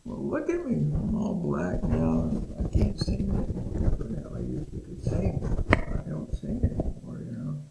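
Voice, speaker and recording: A man's voice: on the high side, wildly swooping pitch, a little slow, gravelly, very noisy, pitched above the performer's own voice, exaggerated voice. A man voicing a grieving male crow who has lost his singing voice, speaking plaintively in an echoey room. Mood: sorrowful. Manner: plaintive, mournful.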